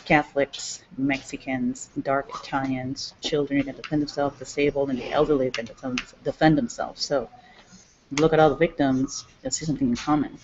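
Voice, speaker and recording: Woman, rambling agitated monologue, dull lo-fi sound, steady noise behind her. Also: a bass voice, normal speed. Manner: rambling, jumps between topics, agitated. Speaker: self-described activist. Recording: dull lo-fi recording with clear background noise.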